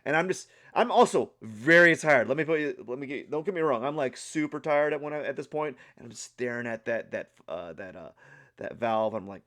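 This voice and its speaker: Vlogger: young man, mid-range voice, animated, rambly storytelling full of restarts and filler words. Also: medium pitch, normal speed. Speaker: art channel vlogger. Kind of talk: casual vlog storytelling.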